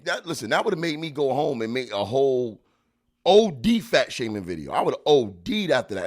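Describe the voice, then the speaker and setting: A man hosting a podcast, joking and animated. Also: mid-range voice, normal speed. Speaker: podcast host. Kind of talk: casual podcast chat.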